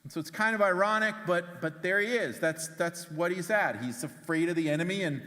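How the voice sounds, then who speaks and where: A pastor delivers a sermon in a church, telling the story in a casual, conversational way and briefly acting out the characters' lines. His voice sits a little higher than most men's, and a long reverb from the hall trails after each phrase. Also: fairly quick, bright, forceful tone. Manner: storytelling, acts out quotes with big pitch jumps; repeats words when starting phrases. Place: church sanctuary.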